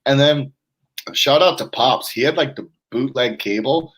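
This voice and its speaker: A man's voice: mid-range voice, unhurried, breathy edge, low-quality recording. Laid-back rambling man co-hosting a show. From Florida. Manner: laid-back, rambling, mimics voices in a hushed tone. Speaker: podcast co-host. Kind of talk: casual chat.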